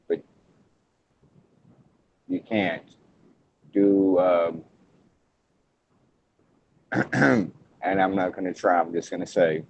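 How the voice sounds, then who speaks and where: A man hosting a casual wrestling podcast, talking in halting bursts with frequent restarts. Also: low-pitched, a little mellow. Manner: halting, restarts often, hedges before points. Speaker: podcast host. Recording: muffled lo-fi podcast audio.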